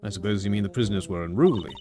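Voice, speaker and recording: A man voicing a cool, formal male prosecutor with a measured, reserved delivery. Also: fairly low pitch, over music, natural voice. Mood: dry. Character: cool, dry male prosecutor, young adult. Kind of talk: game dialogue read aloud.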